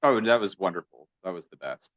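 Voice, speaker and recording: A man co-hosting a podcast, making wry, deadpan comments in a casual movie chat. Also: low voice, brisk, no room sound. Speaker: podcast co-host.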